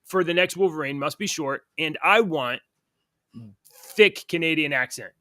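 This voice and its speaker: A man co-hosting a podcast in casual chat, excitable and quick to laugh. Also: fairly high pitch, dry recording, studio quality. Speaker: podcast co-host.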